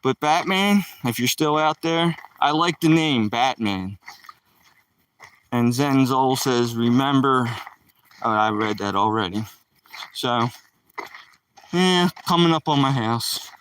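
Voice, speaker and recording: A man's voice: medium pitch, takes it slowly, long pauses, fairly bright tone, clean tone, recorded from a distance, rough recording. A man live streaming while he walks his dog on a rural dirt road, chatting loosely with the viewers in his chat.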